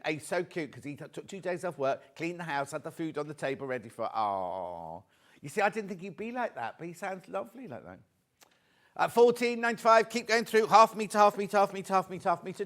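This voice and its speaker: A British man presenting a live shopping show, chatty and excitable as he reads out viewer messages. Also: high-pitched, fast. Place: TV studio.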